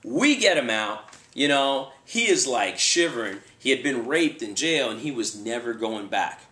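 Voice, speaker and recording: In a roomy-sounding recording, a man speaks at a measured pace with medium pitch, recounting how he hunted down a fugitive as a bail enforcement agent. He performs each quoted voice with energy.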